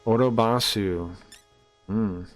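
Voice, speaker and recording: A man with a lowish voice streams a game, taking it slowly as he chats. His casual live-stream talk while playing is loose, rambling, and profane.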